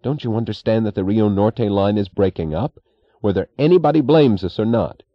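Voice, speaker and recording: A man's voice: fairly low pitch, moderate pace, no echo, muffled recording, voice pushed up, close to an everyday voice. A man reading an audiobook voices an earnest, worried young railroad assistant who speaks urgently and plainly. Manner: urgent, pleading, plain-spoken.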